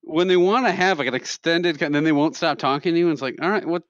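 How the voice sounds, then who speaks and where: A man in his thirties co-hosting a podcast, telling animated stories in casual comedic chat. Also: on the high side, fast, smooth, dry recording. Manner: animated storyteller, acts out quotes loudly. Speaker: podcast co-host. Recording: dry, slightly dull podcast audio.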